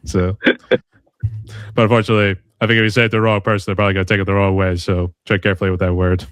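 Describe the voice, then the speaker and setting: Deep-voiced guy hosting his podcast, super laid back, dry sound, keeps saying that whole deal. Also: flat delivery, very fast, fairly bright tone, clear, resonant tone, no room sound, faint music behind. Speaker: podcast host. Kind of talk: casual interview chat.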